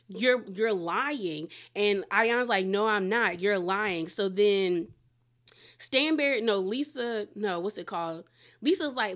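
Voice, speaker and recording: A woman's voice: mid-range voice, fairly bright tone. A woman casually retelling a reality show fight, acting out quotes from the cast. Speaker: reality TV recap host. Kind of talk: casual chat.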